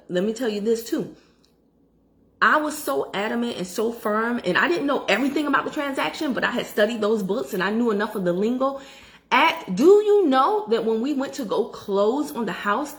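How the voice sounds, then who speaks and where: A middle-aged woman tells a personal story straight to her viewers. Her voice sits a little high, and her delivery is chatty and animated, with plenty of asides to the audience. She records on her phone. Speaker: credit education vlogger.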